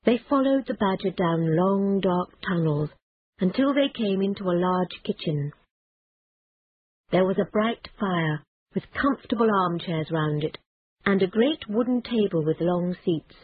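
A woman's voice: mid-range voice, animated, a little slow, husky, no echo. Woman reading a storybook, tinny sound. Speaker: narrator. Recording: tinny phone-like, dry.

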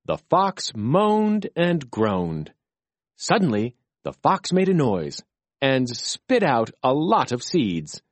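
A narrator reading a children's storybook chapter aloud slowly and expressively. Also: mid-range voice, wildly swooping pitch, no echo.

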